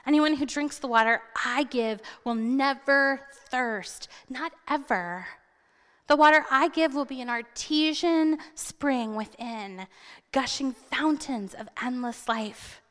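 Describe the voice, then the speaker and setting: A woman voicing a gentle, calm male teacher who speaks softly and kindly. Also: high voice, slow, in a large hall.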